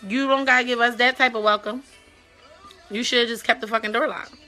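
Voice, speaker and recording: Brief: young woman hosting a casual web talk show, playful and profane, sharp bright voice. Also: a little high, steady tone, a little fast, soft background music. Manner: blunt, profane, playful, with loud mock-disgusted outbursts. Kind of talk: casual chat, reacting to viewer stories.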